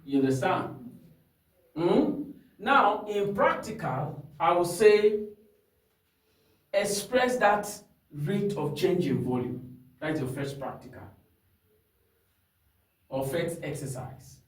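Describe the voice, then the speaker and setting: A man's voice: high-pitched, big pitch swings, slow pace, long pauses. A man teaching a singing lesson, explaining step by step and checking in often with his student. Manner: instructive, checks in often with "hmm?" and "you understand?". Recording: echoey room, mic far off.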